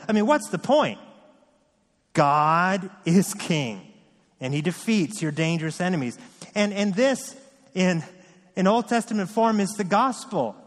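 A man's voice: sits high, long reverb tail. A man preaching a sermon as pastor, reading scripture and driving points home with earnest repetition.

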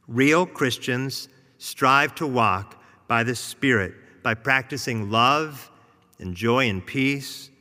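Male pastor, sermon delivery, bright and forceful tone, long reverb. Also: mid-range voice. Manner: animated storytelling, acts out a mother and child.

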